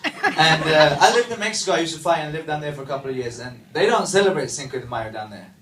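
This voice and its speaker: A man from Sweden, doing a stand-up comedy set with deadpan asides and quick punchlines. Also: fairly high pitch, recorded from a distance, background noise. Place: comedy club stage. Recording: echoey club mic from afar, crowd laughter. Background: audience laughter.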